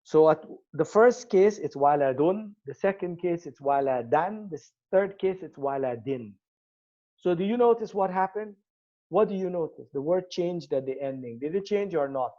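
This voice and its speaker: A man's voice: fairly high pitch, animated, normal speed, dark tone. Man teaching grammar, lo-fi recording. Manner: explains step by step, asks the class questions. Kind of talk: classroom lecture.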